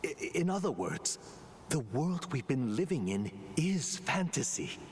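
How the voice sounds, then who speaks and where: An actor playing a mysterious, condescending male author in a video game, speaking in a slow, hushed, breathy whisper. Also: mid-range voice, big pitch swings, a little hiss or hum. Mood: hushed, grave. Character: mysterious grandiose male author, cold and lecturing.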